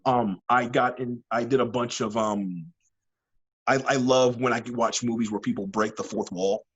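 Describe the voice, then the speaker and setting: A man being interviewed as a wrestling guest, an animated storyteller who rambles with many fillers and restarts. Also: medium pitch, moderate pace, slightly rough, dull audio. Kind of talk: casual interview chat.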